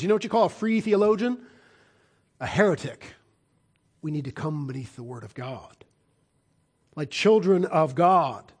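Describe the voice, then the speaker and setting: A man preaching a sermon, swinging between loud emphatic declarations and quiet low asides. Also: husky.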